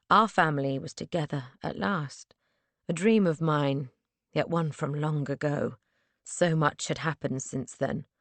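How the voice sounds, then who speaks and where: Woman reading a novel out loud, low voice, dry close sound, steady and earnest. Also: dry recording. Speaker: audiobook narrator. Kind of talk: first-person audiobook narration.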